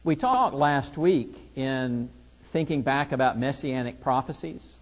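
A man's voice: medium pitch, measured pace, long reverb tail. A man teaching a Bible lesson, reading scripture aloud and driving points home with rhetorical questions.

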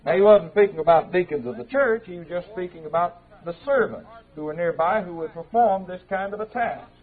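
A man teaching an evening Bible class in a church, speaking in a measured, conversational way with small slips and restarts. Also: high-pitched. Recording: tinny, narrow-band old tape recording.

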